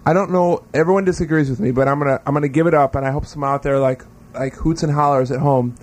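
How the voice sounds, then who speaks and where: A man's voice: fairly high pitch, fairly even intonation, fast, darkish tone. A man co-hosting a casual talk show, rambling and self-mocking, with many fillers. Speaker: podcast co-host. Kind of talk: casual banter.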